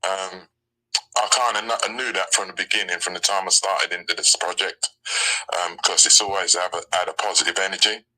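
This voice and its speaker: A man's voice: sits low, steady tone, fairly quick, pushed and bright, poor audio. A man with a London accent, chatting casually in a live audio chat, rambling with lots of "um" and "you know what I mean". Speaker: crypto community member.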